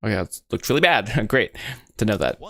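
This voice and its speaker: Speaking a little fast with a lowish, fry-tinged voice, a young American guy chats on stream while animating. He rambles, makes jokes at his own expense, tries out mouth shapes aloud, and gets excitable, peppering his talk with "bro" and "guys."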